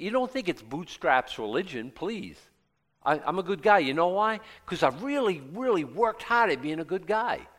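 A man preaching an expository sermon as pastor, animated and self-mocking, now and then acting out the voices he quotes. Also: fairly high pitch. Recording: long hall reverb.

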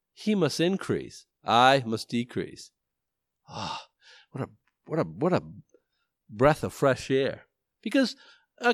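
Animated man teaching a Bible study. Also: mid-range voice, dry recording, clean studio sound. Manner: rambling, self-deprecating, animated. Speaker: pastor.

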